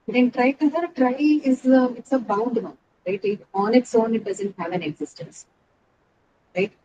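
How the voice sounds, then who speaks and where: A woman's voice: on the high side, moderate pace, background noise. A woman teaching an online English class, explaining step by step and often checking in with her students.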